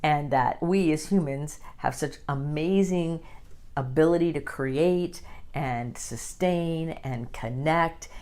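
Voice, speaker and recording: A woman with a low voice hosts an inspirational podcast. She talks gently and encouragingly, and often slows down to stress a point. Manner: gentle, encouraging, slow and deliberate at times. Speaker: podcast host.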